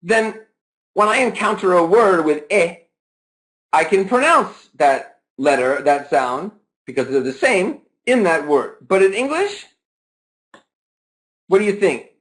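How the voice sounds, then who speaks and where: Lively man teaching a webinar. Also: high-pitched, unhurried, pauses often, poor audio. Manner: lively, asks the audience questions and answers himself; stretches words to show stress and intonation. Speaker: webinar presenter.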